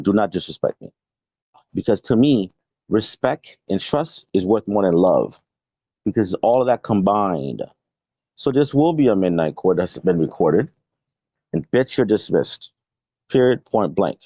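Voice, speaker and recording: A man's voice: mid-range voice, dark tone, no room sound. A man hosting a live stream, scolding someone in an aggressive, profane, confrontational rant. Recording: dull lo-fi stream audio.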